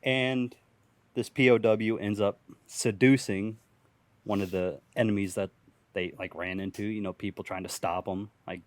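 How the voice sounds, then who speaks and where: Low-voiced young man rambling a profane story. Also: fairly even intonation, moderate pace, no echo. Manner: rambling, profane, laughs at own jokes. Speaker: podcast host telling an improvised story. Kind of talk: casual improvised storytelling.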